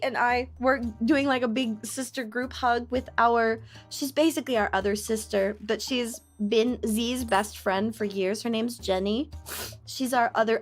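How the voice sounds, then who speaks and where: A young woman streamer chatting casually, telling stories in an excitable, gushing way. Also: fairly high pitch. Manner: excitable, gushing storyteller with lots of laughter. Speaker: VTuber streamer.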